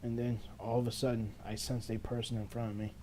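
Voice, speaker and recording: A man's voice: medium pitch, little pitch movement, brisk, mellow, slight background noise, natural voice. A man reading a game's first-person narration as a frightened teenage schoolgirl, earnest and desperate in tone. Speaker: let's player. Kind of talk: reading game text aloud.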